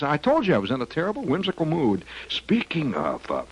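A man hosting a rambling, whimsical comic radio monologue. He hesitates often with "uh" and breaks into squeaky silly voices. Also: wildly swooping pitch, a little fast, a little hiss or hum, low-quality recording. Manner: whimsical, digressive, full of "uh" and sudden squeaky voices. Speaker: radio host. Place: radio studio.

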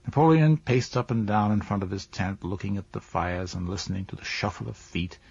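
Male audiobook narrator, husky voice, lowish pitch, measured delivery, dull dry lo-fi recording. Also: a little mellow, no room sound. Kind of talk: scripted narration of a classic novel.

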